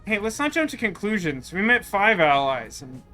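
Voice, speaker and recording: A man's voice: high-pitched, very animated, moderate pace, sharp tone, soft background music. A man streaming a video game, talking in a wry, rambling, sarcastic way in casual let's-play commentary.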